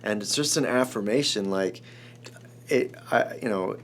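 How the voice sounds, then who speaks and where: Low-voiced man telling a story. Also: unhurried, a little hiss or hum. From Chicago. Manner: animated, rambling storyteller, restarts often. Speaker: screenwriter guest. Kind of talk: emotional storytelling in an interview.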